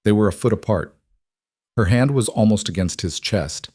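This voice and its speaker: Male narrator for a dramatic story, low pitch, measured, dry. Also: darkish tone, breathy edge, no room sound.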